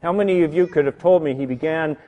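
A middle-aged man pastor preaching a sermon, animated and building to shouts on key words. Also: fairly high pitch, fast talker, narrow, tinny audio. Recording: reverberant hall.

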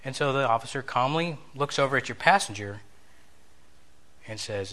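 A man's voice: medium pitch, expressive, moderate pace, bright, forceful tone. A man giving a conversational sermon lesson, telling a story, acting out bits of dialogue and asking his listeners questions.

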